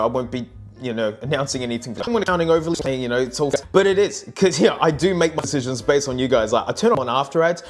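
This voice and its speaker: Chatty, animated man who laughs often. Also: fairly high pitch. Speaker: streamer and vlogger. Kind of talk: casual chat.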